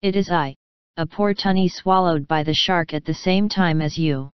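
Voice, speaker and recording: A woman voicing a calm, resigned tunny fish with a rough voice, speaking in a dignified, philosophical way in a storybook reading. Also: fairly low pitch, moderate pace, no echo, close to an everyday voice. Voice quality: rough, like an out-of-tune guitar. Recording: slightly muffled, dry.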